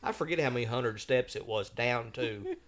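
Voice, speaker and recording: In an animated mid-range voice at normal speed, a man tells a travel story on a podcast. The storytelling is casual, folksy, and drawling, and he acts out the voices of those he quotes.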